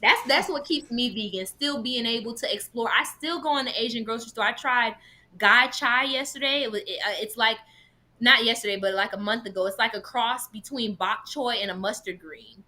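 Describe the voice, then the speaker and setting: Bright-voiced, animated woman chatting casually. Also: on the high side, a little fast. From Jamaican heritage. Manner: animated storytelling with playful put-on voices. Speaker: vegan talk show co-host. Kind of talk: casual chat.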